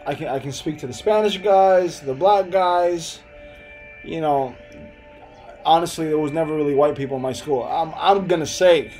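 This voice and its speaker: A man's voice: on the high side, darkish tone, poor audio. Laid-back young man. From Hempstead, New York. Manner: loose, rambling, laughs often, answers chat. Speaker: live streamer. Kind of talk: casual live-stream chat.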